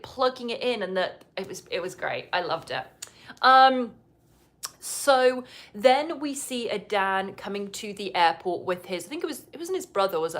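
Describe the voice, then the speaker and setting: A woman's voice: mid-range voice, a bit bright. A woman talks through a reality TV episode in a loose, conversational way, with dry asides. Now and then she slips into short impressions of the people on the show. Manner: chatty, wry, breaks into quick impressions of people on the show. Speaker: podcast host. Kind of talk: casual reality TV recap. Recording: live podcast recording.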